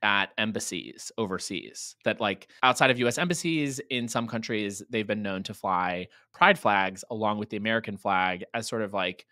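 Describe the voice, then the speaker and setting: A man co-hosting a political podcast, animated and opinionated, laughing often. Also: on the low side, normal speed, few pauses, no echo, clean studio sound. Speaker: podcast co-host. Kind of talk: casual political podcast chat.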